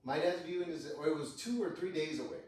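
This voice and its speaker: A man's voice: on the high side, quick pace. A man casually telling a personal story on a podcast, swearing a lot and acting out the dialogue. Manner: profane, animated retelling with quoted dialogue. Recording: echoey room, distant mic.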